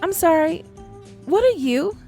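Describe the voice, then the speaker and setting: A woman's voice: very high-pitched, expressive, measured pace, dark tone, faint music behind, pitched above the performer's own voice, exaggerated voice. A woman voicing a polite, curious young female zebra who asks questions.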